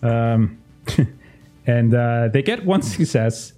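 A man acting as game master, narrating a tabletop game in a vivid, lively way. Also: mid-range voice, extremely slow, soft background music.

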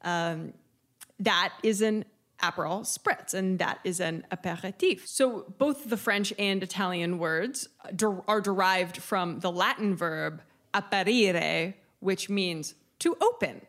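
A woman's voice: fairly low pitch, slow pace, fairly bright tone. A woman co-hosting a podcast in casual chat, chatty and giggly, explaining things with enthusiasm. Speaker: podcast co-host. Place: lives in Italy.

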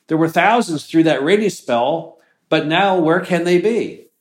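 A man reading aloud as a lazy young rooster who grumbles about hunger, in a slightly raised, drawn-out storytelling voice. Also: on the high side, lively intonation, roomy sound, voice pushed up. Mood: grumbling.

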